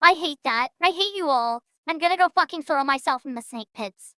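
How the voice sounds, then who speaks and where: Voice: high-pitched, lively intonation, a little fast, sharp tone, no echo. A streamer talking through a voice-changer filter that makes them sound childlike, rambling and self-deprecating in casual gameplay commentary.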